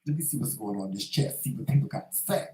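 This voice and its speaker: Livestream host: sassy, cussing man, preachy monologue, middle pitch, roomy echo. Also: lively intonation, fast, warm tone. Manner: sassy, profane, preachy, calls listeners "child" and "honey". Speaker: livestream talk show host. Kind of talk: casual monologue to a live chat.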